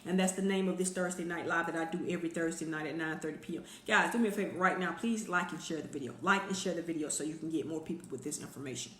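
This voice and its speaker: A woman hosting a weekly motivational live stream, speaking straight to her viewers in an energetic, conversational way. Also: low-pitched, fast talker, few pauses, roomy sound.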